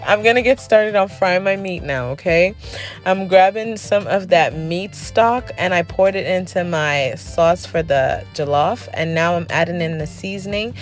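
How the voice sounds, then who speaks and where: Low-voiced chatty woman cooking vlogger. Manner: chatty, tags lines with "okay?" and "honey". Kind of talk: casual cooking voice-over.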